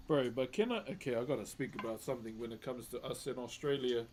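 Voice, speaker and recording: A New Zealand wood carver chats casually on a live stream while he works, his medium-pitched, steady, slightly mellow voice moving fast. He's laid-back, reads viewer comments aloud, laughs often and keeps calling people "bro." There's slight background noise.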